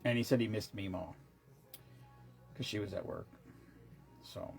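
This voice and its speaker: A man's voice: on the low side, steady tone, a little slow, vocal fry, faint music behind. A tired man chatting casually to his viewers, rambling with many restarts and asides and the odd swear word. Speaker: vlogger. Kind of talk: casual chat.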